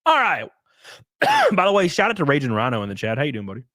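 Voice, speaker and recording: A man's voice: fairly high pitch, huge pitch swings, fast, a bit bright, dry recording, studio quality. A man live-streaming, chatting casually with his viewers, swearing, laughing and thanking them as he goes.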